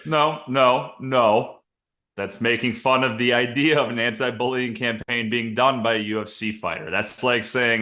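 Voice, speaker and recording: A man's voice: mid-range voice, moderate pace. A man co-hosting a comedy sports podcast, laying out absurd sketch ideas with crude humor. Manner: deadpan setups for absurd sketch bits, crude and joking. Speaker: podcast co-host. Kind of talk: casual comedic chat.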